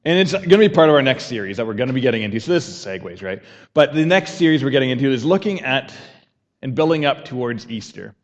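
A man's voice: mid-range voice, animated, fast, long reverb tail. A man preaching a conversational sermon as pastor, repeating a key phrase and having the congregation say it back.

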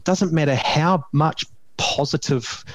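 A man's voice: fairly high pitch, slow, dry recording, low-quality recording. A man hosting a podcast, explaining his ideas in an earnest, conversational way and often checking in with "right?". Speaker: podcast host.

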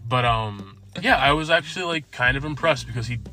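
A man's voice: mid-range voice, expressive, fairly quick, bright, forceful tone, soft background music. A young man chatting about a film with a friend, rambling with lots of fillers and swearing. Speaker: podcast co-host. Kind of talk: casual movie review chat.

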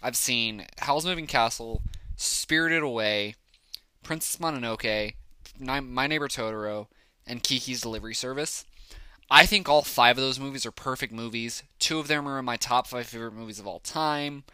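Bright-toned man rambling about films. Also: mid-range voice, normal speed, clear, resonant tone, dry recording. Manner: enthusiastic, rambling, lots of fillers. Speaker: podcast host. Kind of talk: casual solo film review.

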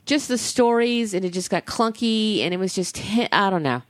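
A woman co-hosting a podcast in casual chat, gushing and animated, swearing freely. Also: mid-range voice, moderate pace, no room sound. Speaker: podcast co-host.

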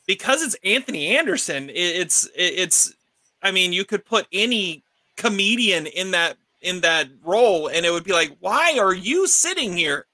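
Bright, dry-voiced man hosting a podcast. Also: high-pitched, lively intonation, no room sound. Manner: halting, repeats words while thinking. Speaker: podcast host. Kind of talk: casual movie discussion.

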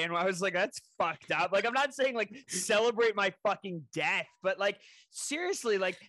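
A man in his twenties co-hosting a podcast, telling stories in casual chat, animated and full of swearing. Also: sits high, normal speed, hardly any pauses, no echo. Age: 20s. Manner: animated storytelling, heavy swearing. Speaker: podcast co-host.

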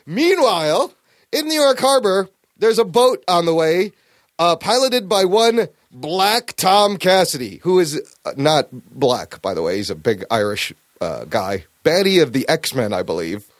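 A man hosting a podcast, recapping a story in casual chat, animated and swearing freely. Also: on the high side, a little slow, no room sound, clean studio sound. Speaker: podcast host.

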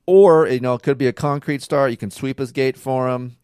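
A man's voice: mid-range voice, steady tone, brisk, darkish tone, smooth, dry recording, studio quality. A man co-hosting a casual podcast with his partner, giving blunt, profane advice in a lecturing way. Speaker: podcast co-host. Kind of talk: casual couple chat.

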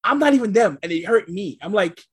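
A podcast host with a husky, breathy tone, talking in an animated, rambling way. Full of fillers and quick restarts, with a middle-range pitch that jumps up when excited. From New York. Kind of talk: casual chat.

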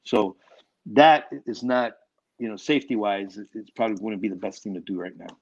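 A man's voice: fairly low pitch, fairly quick. Guy filmmaker rambling thru a story, lots of restarts, kinda dull lo-fi sound. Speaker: filmmaker guest. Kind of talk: casual interview talk.

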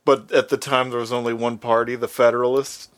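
A man's voice: medium pitch, level tone, fairly quick, a bit bright, clean tone. A young man casually retelling history as comedy, rambling with many fillers and swearing. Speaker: comedic storyteller.

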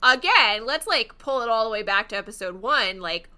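Bright, chatty woman with wry asides. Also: fairly high pitch, lively intonation, moderate pace. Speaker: podcast co-host. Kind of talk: casual chat recapping a game playthrough.

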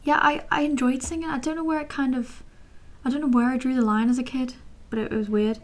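A woman's voice: on the high side, fairly even intonation, fast talker. A nineteen-year-old woman rambling casually to camera as a vlogger, chatty and self-deprecating with many fillers and asides.

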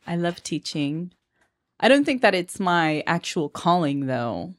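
A woman's voice: fairly low pitch, sing-song, measured pace. A young adult woman co-hosting a podcast, chatting playfully and a little hesitantly. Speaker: podcast co-host, music teacher. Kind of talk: casual chat.

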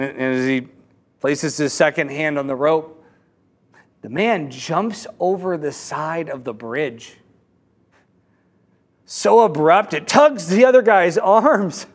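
During a sermon, a man with a notably high voice tells a parable, acting as the teller of a fable. His delivery is halting, and he often doubles words and restarts sentences along the way.

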